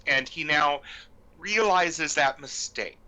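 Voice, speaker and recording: Slow, polite tabletop player. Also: mid-range voice, sharp tone, poor audio. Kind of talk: tabletop role-play.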